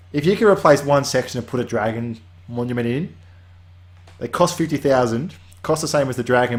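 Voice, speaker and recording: A man hosting a weekly game update, talking casually in a rambling way that drifts off on tangents and restarts often. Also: mid-range voice.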